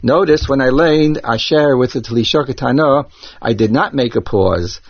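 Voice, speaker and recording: A man teaching Torah cantillation, explaining each accent mark slowly and methodically, step by step. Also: mid-range voice, no room sound. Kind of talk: instructional explanation with chanted examples. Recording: dull lo-fi dry recording.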